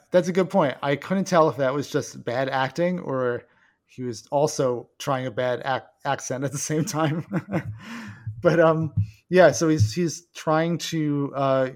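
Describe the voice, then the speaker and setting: A man with an ordinary mid-range voice recaps a film's plot in casual chat. He restarts his sentences and chuckles often. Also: mid-range voice. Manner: laughing, halting plot recap.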